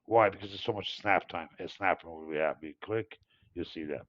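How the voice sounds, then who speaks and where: A man's voice: low-pitched, normal speed, fairly bright tone, dull audio. A man hosting a market review, talking in a rambling, digressive way with many fillers and restarts. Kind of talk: rambling live market commentary.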